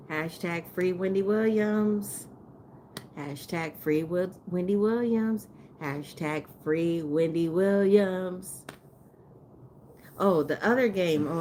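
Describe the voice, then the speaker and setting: Woman host, casual livestream chat, slow and low, rambling with frequent laughs. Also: darkish tone, a little hiss or hum. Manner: chatty, rambling, laughs often. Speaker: live streamer.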